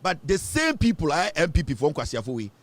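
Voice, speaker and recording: A man's voice: a little high, wildly swooping pitch, quick pace, a bit bright, dry recording. A Ghanaian man hosting a political commentary show, ranting and mocking as he switches between English and Twi.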